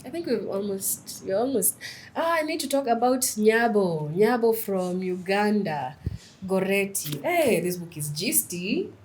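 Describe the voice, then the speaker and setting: A woman's voice: medium pitch, a little slow, a little hiss or hum, poor audio. A young woman, a writer, chatting as a podcast guest, telling stories animatedly and slipping in Swahili phrases. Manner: lively, animated storytelling, mixes in Swahili phrases. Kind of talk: casual interview chat.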